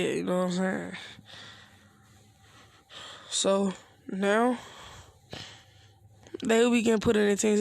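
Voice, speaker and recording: Casual guy rambling thru a fan story, gravelly, slangy asides. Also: sits high, dry recording. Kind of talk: improvised fan-fiction narration.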